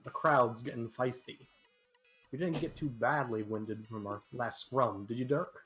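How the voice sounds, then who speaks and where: A man's voice: mid-range voice, fairly even intonation, measured pace, a bit bright, soft background music, natural voice. A man voicing a brash young adventurer with a put-on Southern drawl, reading his lines hammily. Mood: bold. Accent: put-on American Southern drawl. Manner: hammy, drawling line reads.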